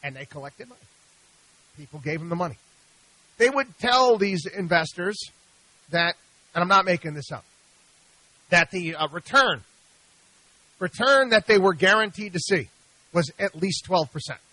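A middle-aged radio talk show host and investment advisor argues from a studio in a high, bright voice, exasperated and animated, at a moderate pace with frequent pauses. He stumbles, repeats himself, and restarts sentences. The audio is poor, close and dry with no echo or room sound.

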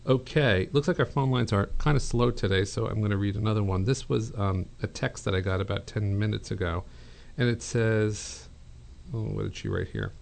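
A middle-aged man hosting a call-in home design advice show, chatty and relaxed, with many fillers and restarts. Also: fairly low pitch, normal speed, gravelly. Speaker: radio show host, interior designer.

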